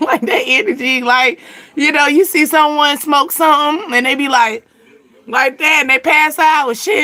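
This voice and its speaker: A woman hosting her channel in loose, slangy chat. Her voice sits high and bright, and she keeps an unhurried pace, breaking into laughter again and again. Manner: animated, laughing often, slangy. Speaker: channel host. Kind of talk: casual chat.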